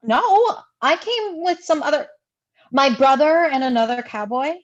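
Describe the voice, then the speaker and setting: A woman's voice: high voice, expressive, unhurried, muffled recording. A woman voicing a confused, hesitant young woman in a live play reading, fumbling through her words. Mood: flustered.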